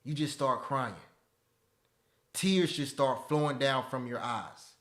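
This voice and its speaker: A man in his thirties hosting a live webinar, talking in an animated, preachy way that repeats phrases and keeps asking "right?" and "okay?". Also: medium pitch, slow pace. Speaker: webinar host teaching stock options. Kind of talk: live webinar talk, motivational.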